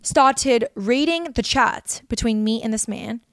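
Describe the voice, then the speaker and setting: A woman's voice: fairly high pitch, no echo, clean studio sound. A young woman telling a raw personal story, emotional and full of swearing. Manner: rapid, emotional, swears often.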